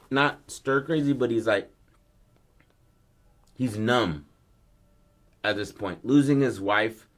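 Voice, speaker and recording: A man hosting a podcast, telling a story in a loose, slangy, animated way. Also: mid-range voice. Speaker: podcast host. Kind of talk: casual storytelling.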